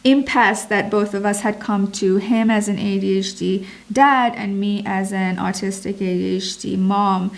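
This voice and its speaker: A woman, a mother, telling a personal story in an earnest, expressive vlog, stretching words for emphasis. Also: medium pitch, unhurried, gravelly, hardly any pauses. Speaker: mom vlogger.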